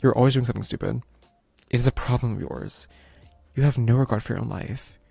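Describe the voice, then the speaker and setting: A man's voice: medium pitch, quick pace, gravelly, warm tone, slightly rough, dry recording, faint music behind. A man reading a formal, brooding Grim Reaper. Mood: worried. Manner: formal, earnest speech.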